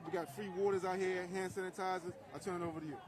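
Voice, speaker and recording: A man reporting live from a street protest, earnest and speechlike, with filler pauses. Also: high voice, fairly even intonation. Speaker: livestream reporter. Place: outdoor city street protest. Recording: live outdoor stream amid a crowd. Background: crowd.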